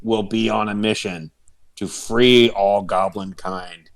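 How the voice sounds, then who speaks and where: A man's voice: on the low side, steady tone, slow pace, gravelly, slight background noise. A man chatting as a player in a tabletop game, playful and given to mock-grand speeches. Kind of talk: casual tabletop game chat.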